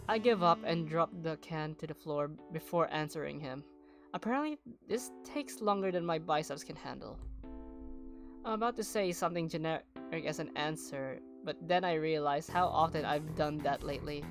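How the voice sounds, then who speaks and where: Australian woman streamer, lowish voice, chatty read-through of a game. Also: moderate pace. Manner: chatty, breaks off to comment between read lines. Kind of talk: reading a visual novel aloud on a live stream. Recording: guitar music behind.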